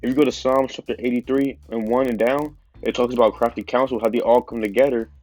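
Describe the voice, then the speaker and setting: A man's voice: mid-range voice, little pitch movement, fast, darkish tone, no room sound, faint music behind. A man with a stuffy nose giving an informal religious teaching, talking casually with lots of fillers. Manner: casual, conversational preaching with many fillers. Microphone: phone.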